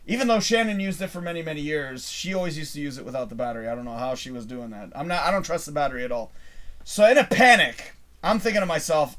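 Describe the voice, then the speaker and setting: A middle-aged man from Canada hosting a live show, telling a long rambling story in a casual, animated way and swearing freely. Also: fairly high pitch, fast.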